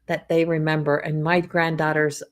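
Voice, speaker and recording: On a rambling livestream with many restarts, a middle-aged woman who works as a psychic medium speaks casually in her Newfoundland accent; she's from Newfoundland, Canada. Her low-pitched voice stays level at a normal speed, and there's a little hiss or hum in the audio.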